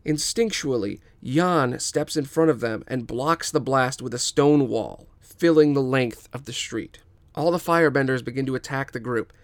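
A man reading a fantasy story aloud, narrating and giving voices to the characters with an animated delivery. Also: no room sound. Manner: animated reading, jumps up in pitch and volume for shouted lines. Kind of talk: solo reading of a fan story with voiced dialogue.

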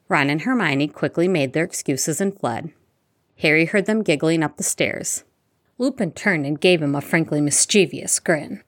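A woman narrating a fan fiction audiobook in a steady storytelling manner. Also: sits low, normal speed, no room sound, studio quality.

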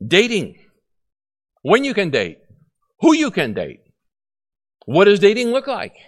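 A pastor delivers a sermon with an animated, sing-song delivery, his pitch rising and falling widely. He explains passages steadily and slips briefly into playful exchanges between children and parents. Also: unhurried. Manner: animated preaching, mimics voices of children and parents.

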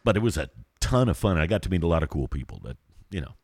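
A man, a podcast guest who used to do radio voiceovers, chatting in a relaxed way and swearing freely. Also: low-pitched, fast, dry recording, studio quality. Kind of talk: casual chat.

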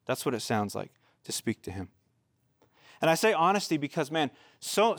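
A man's voice: fairly high pitch, no echo, studio quality. A man preaching as a pastor, earnest and conversational. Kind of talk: sermon.

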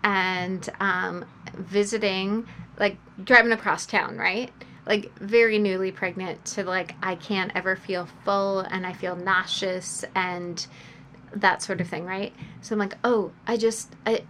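A woman's voice: medium pitch, steady tone, unhurried, fairly bright tone, a little hiss or hum. A woman who works with births, chatting casually and telling a self-mocking story with fillers and quoted asides. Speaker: birth worker, podcast co-host. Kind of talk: casual chat.

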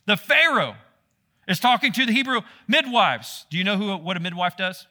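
A man preaching a sermon, animated and talking straight to his listeners. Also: sits high, moderate pace. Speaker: pastor.

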